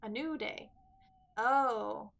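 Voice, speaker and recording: A woman's voice: fairly high pitch, drawn-out words, gravelly, fairly bright tone, muffled recording. A woman giving casual, chatty and self-deprecating commentary as she plays a video game. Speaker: let's play gamer.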